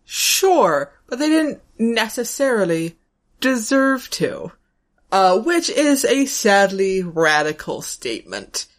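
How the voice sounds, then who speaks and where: Lively, blunt woman in casual chat. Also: mid-range voice, slow pace. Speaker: podcast co-host.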